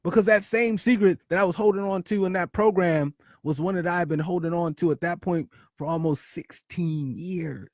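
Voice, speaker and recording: Male host, higher voice, close dry mic, dramatic personal storytelling that swings from loud to hushed. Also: moderate pace, few pauses, no echo. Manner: emotional, dramatic shifts between loud and hushed. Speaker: podcast host.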